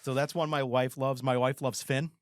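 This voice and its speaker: A man's voice: medium pitch, normal speed, no room sound, clean studio sound. A man in his forties co-hosting a podcast, chatting casually and acting out quotes as he tells stories. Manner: rambling, animated storytelling with acted-out quotes. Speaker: podcast co-host. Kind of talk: casual chat.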